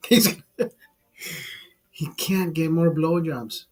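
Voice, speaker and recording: A man's voice: fairly high pitch, normal speed, pauses often. A man hosting a casual livestream, rambling, swearing freely and laughing at his own jokes. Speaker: livestream host. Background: bar setting.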